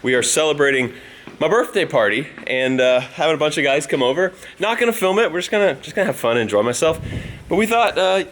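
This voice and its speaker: Animated man telling ranch stories. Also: a little high, quick pace, a little hiss or hum. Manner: lively, animated storyteller acting out dialogue. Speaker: vlogger host. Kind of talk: casual vlog storytelling. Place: on a ranch, in and around a barn.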